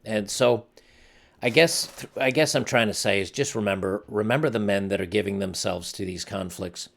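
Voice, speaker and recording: Guy talking to his channel, kinda low gravelly voice, serious and heavy, lots of restarts. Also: moderate pace, fairly bright tone. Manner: earnest and somber, with frequent restarts. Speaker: channel host. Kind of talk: casual commentary monologue.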